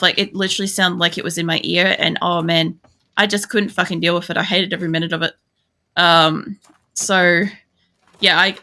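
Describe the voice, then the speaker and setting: A woman's voice: on the low side, creaky, sharp tone. A woman chatting casually and swearing freely while streaming a game. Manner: rambling and sweary, lots of fillers. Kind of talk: casual chat while gaming.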